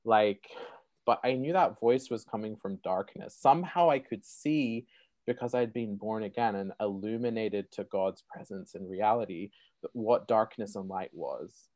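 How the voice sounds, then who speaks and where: Animated man, dry close sound. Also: fairly low pitch, normal speed, no echo. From Sydney, Australia. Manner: animated, many "like" fillers, laughs often. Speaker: guest, Christian apologist. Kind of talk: personal testimony storytelling.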